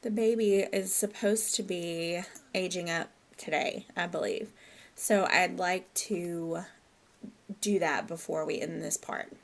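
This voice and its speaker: A woman's voice: fairly low pitch, fairly even intonation, slow pace, creaky. A woman giving casual let's-play commentary, chatty and apologetic, often laughing at herself. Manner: chatty, apologetic, giggly asides. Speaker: gameplay commentator.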